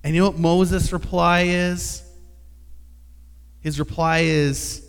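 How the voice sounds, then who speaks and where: A man preaching a sermon, telling a story with lively, animated delivery. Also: fairly high pitch, takes it slowly, creaky, long pauses, clean tone, big-room sound. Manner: animated storytelling, acting out dialogue. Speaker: pastor.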